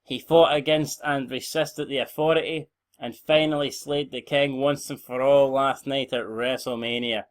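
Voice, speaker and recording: A man's voice: mid-range voice, steady tone, moderate pace. A young Scottish man giving rambling, blunt, sweary commentary on a game he is playing. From Scotland. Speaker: gaming channel host.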